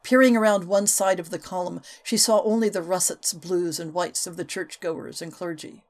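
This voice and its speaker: A woman reading a historical novel aloud as an audiobook narrator, with expressive, varied delivery. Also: fairly low pitch, moderate pace. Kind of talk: scripted narration.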